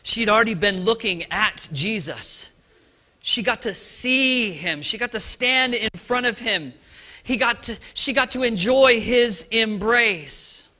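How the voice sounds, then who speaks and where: Bright-voiced, high male pastor. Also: slow pace. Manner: lively and conversational, with frequent restarts and asides. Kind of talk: Easter sermon. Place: church worship service.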